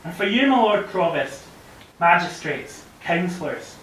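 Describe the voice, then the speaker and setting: A man's voice: high-pitched, expressive, measured pace, a bit bright. A young man giving an impassioned, declamatory recitation of a poem as a guest speaker at a club function room. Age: young adult. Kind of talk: dramatic poetry recitation. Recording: very echoey room recording, far from the mic, faint hiss.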